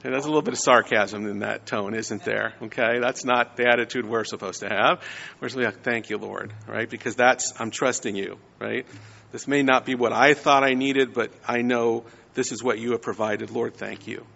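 A man's voice: medium pitch, fairly even intonation, brisk, creaky, sharp tone, long reverb tail, muffled recording, slight background noise. A man giving a conversational sermon, often checking in with his listeners. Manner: conversational, frequent "right?" tags. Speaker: preacher.

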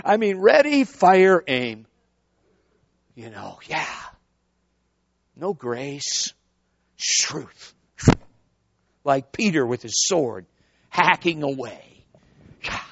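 High-voiced preacher, muffled lo-fi sound. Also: male voice, extremely slow, vocal fry, pauses often, a little hiss or hum. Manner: animated storyteller, calls out to the congregation. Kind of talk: sermon. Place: church before a congregation. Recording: dull, lo-fi sound.

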